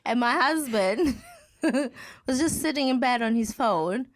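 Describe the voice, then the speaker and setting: Her voice on the high side and her pace moderate, this thirty-something podcast guest animatedly recounts a story during a casual chat, voicing the people she quotes.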